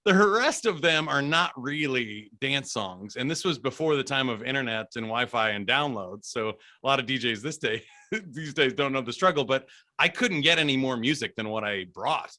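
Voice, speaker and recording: Chatty guy, a dj telling stories as a podcast guest, animated, laughs a lot, super bright forceful voice. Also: medium pitch, moderate pace. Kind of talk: casual storytelling interview.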